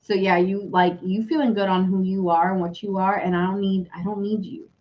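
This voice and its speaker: A woman's voice: mid-range voice, brisk, dull audio. A woman giving a casual, chatty tarot reading, talking loosely and laughing often. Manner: chatty, giggly, animated. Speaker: tarot reader.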